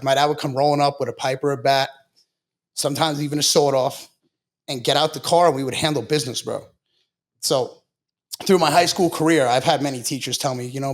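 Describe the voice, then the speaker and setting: A man's voice: mid-range voice, steady tone, fairly quick. A man from Long Island, a podcast guest, telling his story in a blunt, profane, casual way and saying "bro" a lot. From Long Island, New York.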